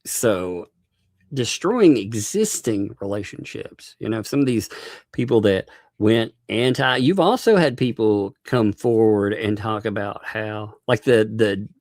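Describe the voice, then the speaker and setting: A man's voice: lowish voice, lively intonation, a little slow, darkish tone, dry recording, studio quality. A man hosting a live stream, chatting casually, laughing often and thanking viewers by name.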